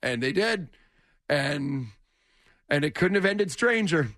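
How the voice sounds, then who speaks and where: A man co-hosting a sports radio show in a studio, telling a story in a rambling, animated way with lots of "like.". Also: fairly high pitch, takes it slowly, dry recording. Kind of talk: casual chat, storytelling.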